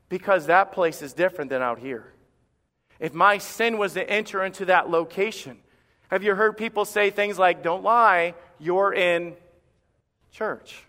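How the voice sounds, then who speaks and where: A male pastor preaching a sermon in a church, impassioned and emphatic with dramatic pauses. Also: high-pitched, fairly bright tone. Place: church sanctuary. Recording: long reverb of a church hall.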